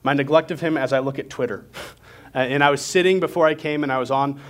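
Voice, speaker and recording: A young man gives a sermon in a relaxed, talky way. He speaks at a middling pitch and mixes scripture with frank, self-mocking asides. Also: quick pace. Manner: conversational and candid, with self-deprecating asides. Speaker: preacher.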